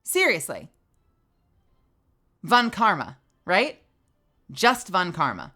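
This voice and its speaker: A woman's voice: on the low side, wildly swooping pitch, slow pace, sharp tone, soft background music. A young woman streamer with a tired, strained voice, chatting animatedly, laughing and swearing freely. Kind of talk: casual stream outro chat.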